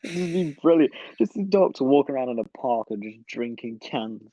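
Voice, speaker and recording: A man's voice: mid-range voice, lively intonation, fairly quick, dark tone, dry recording, highs cut off. A man co-hosting a podcast, chatting casually, swearing freely and laughing at his own jokes. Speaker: podcast co-host. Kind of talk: casual chat.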